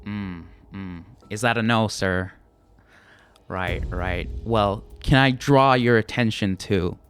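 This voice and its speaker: A man's voice: lowish voice, slow, clean tone. A man voicing a masked male elf invader who is mockingly polite. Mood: smug. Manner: smug, mock-courteous.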